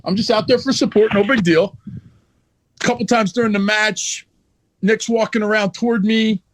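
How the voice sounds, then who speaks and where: Blunt, high-voiced man telling a story. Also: fairly even intonation, normal speed, no room sound. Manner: blunt, profane, heated. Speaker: wrestler guest. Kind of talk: casual podcast storytelling.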